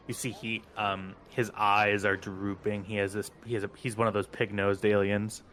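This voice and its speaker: A man narrating as game master of a tabletop game, unhurried, with many ums and casual asides. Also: lowish voice, flat delivery, a bit bright.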